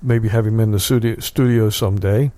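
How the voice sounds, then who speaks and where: A man hosting a casual local radio show from a small studio, talking in a halting way full of fillers. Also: fairly low pitch, steady tone, dark tone. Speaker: radio host.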